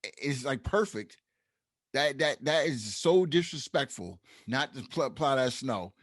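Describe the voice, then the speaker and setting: A man's voice: medium pitch, measured pace, no echo, studio quality. A man co-hosting a casual podcast, telling stories with frequent laughs and getting heated when annoyed. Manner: storytelling, laughs often, animated when annoyed. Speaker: podcast co-host.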